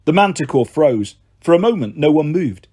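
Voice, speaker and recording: Expressive man reading a story aloud. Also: on the high side, normal speed, breathy edge. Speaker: narrator. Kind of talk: audiobook narration.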